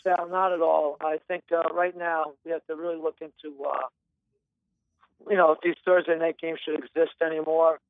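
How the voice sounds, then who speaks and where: A man's voice: a little high, flat delivery, normal speed, vocal fry, dry recording. A man co-hosting a sports betting podcast, giving firm, blunt opinions. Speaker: podcast co-host. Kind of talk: casual sports betting chat. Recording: phone-like line.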